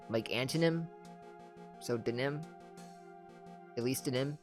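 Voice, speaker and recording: Lively let's-play host over faint game music. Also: medium pitch, normal speed, pauses often. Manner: reads game text aloud with asides. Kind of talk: casual game commentary.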